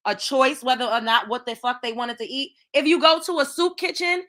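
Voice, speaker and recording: A woman's voice: high voice, lively intonation, brisk, a bit bright. A woman hosting her own show, ranting in heated, profane commentary with lots of exclamations. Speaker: show host.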